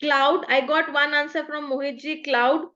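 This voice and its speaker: High-voiced Indian woman leading an online workshop. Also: steady tone, normal speed, bright, forceful tone, muffled recording. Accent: Indian English. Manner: patient, explains step by step with examples. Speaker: workshop trainer. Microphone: video call.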